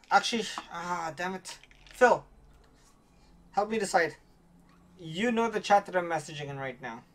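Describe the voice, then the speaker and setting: A woman streaming a game, chatting casually with her viewers and reacting loudly to the game. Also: on the low side, animated, slow pace, pauses often. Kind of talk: casual gameplay commentary.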